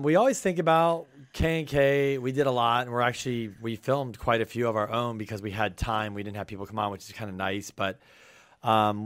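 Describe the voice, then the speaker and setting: A man co-hosting a podcast in casual chat, talking with an energetic, hyped-up delivery. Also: on the low side, smooth, dry recording, clean studio sound. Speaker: podcast co-host.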